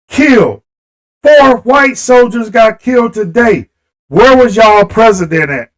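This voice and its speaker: High-voiced guy going off on a livestream, heated, talking right at the viewers, aave. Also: fairly bright tone, rough recording. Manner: impassioned, talks straight to viewers. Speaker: live stream host. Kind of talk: livestream political rant.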